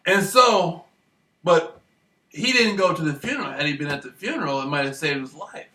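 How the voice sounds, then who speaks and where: Bright high-voiced man, rambling and laughing. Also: lively intonation, moderate pace. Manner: rambling, profane, laughs often while telling. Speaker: vlogger. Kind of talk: casual storytelling monologue. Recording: echoey room, voice far from mic.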